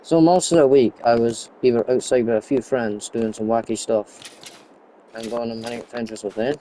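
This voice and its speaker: A man's voice: mid-range voice, steady tone, normal speed, mellow, a little hiss or hum. A young man giving casual, rambling commentary while playing a farming game, often drifting off topic. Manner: rambling, chatty, goes off topic. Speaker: gaming YouTuber.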